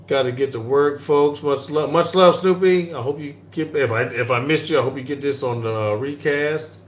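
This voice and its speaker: A middle-aged man hosts a live-stream Q&A from an airport, reading viewer comments in a relaxed, chatty way and laughing often. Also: medium pitch. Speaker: cooking channel host. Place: airport lounge. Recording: echoey airport with faint hum.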